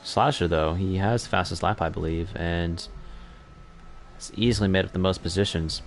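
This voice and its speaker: A man's voice: low-pitched, fairly even intonation, normal speed, a little hiss or hum. A young man commentating an online racing league in a chatty, self-correcting way that picks up during on-track battles. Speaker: race commentator.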